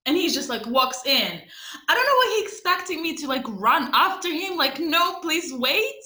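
A woman's voice: sits high, big pitch swings, normal speed, pushed and bright. A young woman from Ukraine, chatting as a podcast co-host, swearing freely and laughing often as she tells a story. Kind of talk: casual storytelling chat. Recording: echoey room.

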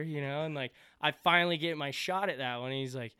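A man hosting a podcast, chatting casually, telling stories with lots of swearing and acting out quotes in a higher voice. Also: fairly quick, smooth, dry recording. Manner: animated storyteller, swears freely, acts out quotes in a higher voice. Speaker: podcast host. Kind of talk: casual chat.

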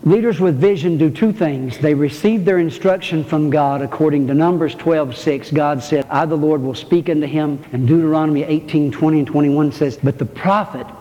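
A man's voice: on the high side, moderate pace, hardly any pauses, dark tone. A male pastor preaching a sermon in church, folksy and joking, calling out to his congregation. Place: church sanctuary. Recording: muffled, reverberant church recording.

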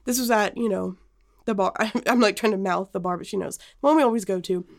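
A woman's voice: mid-range voice, a little fast, gravelly. A young woman co-hosting a podcast, telling a personal story in casual chat, full of fillers and restarts. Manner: animated storytelling with many fillers. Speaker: podcast co-host.

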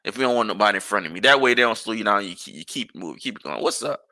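Podcast host, male, gravelly and bright-toned, animated exasperated rant. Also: on the low side, very fast. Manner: animated, exasperated ranting with profanity and rhetorical questions. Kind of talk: casual ranting monologue.

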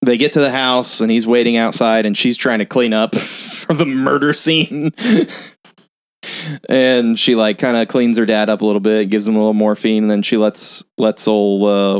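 A man's voice: lowish voice, flat delivery, moderate pace, smooth, no room sound, clean studio sound. A man on a film podcast recapping a plot in a loose, profane, filler-heavy way.

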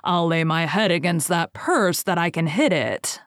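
A woman's voice: fairly low pitch, measured pace, dry recording, studio quality, natural voice. A woman doing a proud young archer. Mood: defiant. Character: proud hot-headed young male archer.

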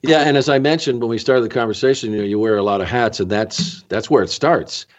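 A man in a mid range hosts a relaxed interview, joking and chuckling along with his guest. His audio sounds dull and lo-fi. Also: mid-range voice, fast. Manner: easygoing, chuckling, jokey. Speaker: podcast host. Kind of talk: casual interview chat.

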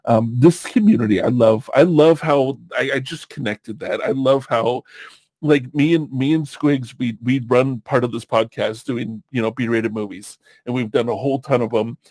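A man's voice: medium pitch, normal speed, darkish tone, dry recording. A man hosting a podcast, chatting casually in a rambling way, with lots of fillers and easy laughs. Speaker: podcast host.

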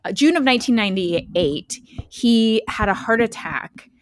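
A woman co-hosting a podcast, telling a story in a lively, chatty way with many fillers. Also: a little high, unhurried, dry recording. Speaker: podcast co-host. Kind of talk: casual chat, storytelling.

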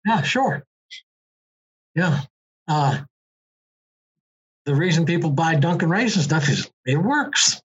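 This older former motorcycle racer has a fairly high, sing-song voice with a breathy edge, speaking slowly with frequent pauses. He chats casually, wandering through stories with many fillers and false starts, captured in dull lo-fi sound.

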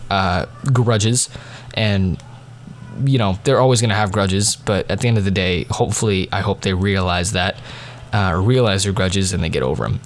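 Rambling teenage boy telling stories. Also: lowish voice. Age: teens. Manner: rambling and digressive, with many fillers. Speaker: diarist. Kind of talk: casual storytelling monologue.

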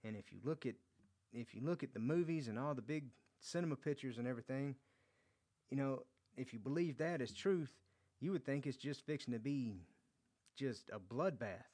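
This Bible teacher has a mid-range, slightly mellow voice and speaks at normal speed. Going verse by verse, he reads the text aloud and explains it in a conversational manner, acting out quotes and often repeating words or restarting phrases.

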